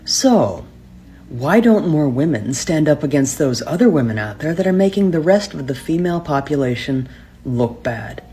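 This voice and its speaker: A speaker giving formal commentary in a measured, rhetorical way. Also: medium pitch, sing-song, warm tone, slight background noise.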